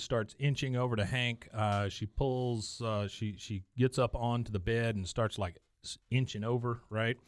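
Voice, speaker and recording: A man's voice: mid-range voice, dry recording. A man hosting a podcast, casually retelling cartoon scenes and acting out the characters' lines. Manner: acts out characters' lines in quick voices. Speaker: podcast host recapping episodes.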